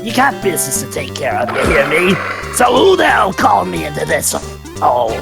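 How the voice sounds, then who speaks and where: A man voicing a brash male loan-shark thug with a Brooklyn accent and gruff, threatening talk. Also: a little high, sing-song, fairly quick, over music, full character voice. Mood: menacing. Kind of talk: fan voice acting over a game.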